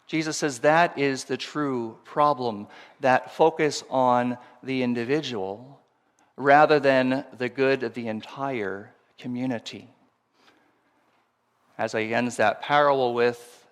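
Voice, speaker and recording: A man's voice: mid-range voice, fairly bright tone. A man preaching a sermon, talking with his congregation through rhetorical asides, questions and emphasis. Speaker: pastor. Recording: long hall reverb.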